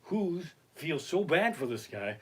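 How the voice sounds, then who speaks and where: A man's voice: fairly high pitch, very animated, unhurried, breathy edge. A man doing a profane, exasperated comedy rant, streamed live from his living room.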